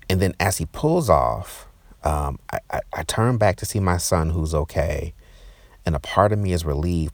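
A man telling a personal story in an intense, emotional way, often halting and repeating words. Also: low-pitched, gravelly, darkish tone, dry recording.

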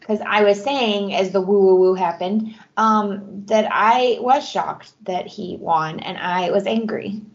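A woman's voice: medium pitch, measured pace, few pauses, dull audio. A woman co-hosting a podcast, chatting casually and bluntly about books. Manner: blunt, opinionated. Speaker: podcast co-host. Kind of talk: casual book chat.

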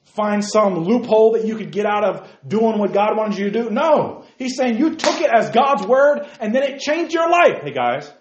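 A man preaching a fervent sermon, his voice sitting a bit high for a man and rising into emphatic peaks as he calls out to young men. The sound is roomy and echoey, and a little dull and muffled, as if recorded in a church hall. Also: expressive, moderate pace, hardly any pauses, a little hiss or hum. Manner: exhorting, repeats "hey guys", rising emphatic peaks.

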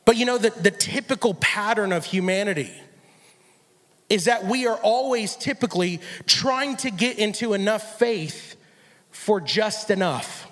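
A male guest preacher giving an energetic sermon, often repeating phrases and acting out conversations from scripture. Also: high voice, unhurried, in a large hall. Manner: energetic, repetitive, acts out dialogue with God. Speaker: guest speaker. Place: church.

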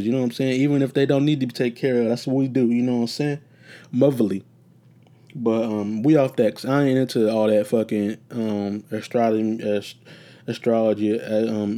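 A man with a lowish, warm voice hosts a casual solo podcast from his room. He rambles and swears freely, telling stories in a laid-back, profane way.

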